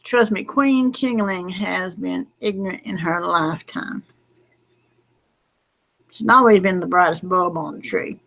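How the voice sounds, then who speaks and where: Middle-aged woman, sleepy, teary, rambling late-night vlog, folksy and soft. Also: lowish voice, measured pace, creaky. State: sleepy and close to tears. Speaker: lottery number vlogger.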